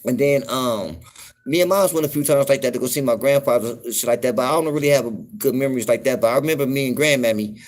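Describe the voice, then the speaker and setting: A man from the US West Coast talking casually on a livestream, slow and laid-back, constantly saying "you know what I'm saying". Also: mid-range voice. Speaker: livestream host.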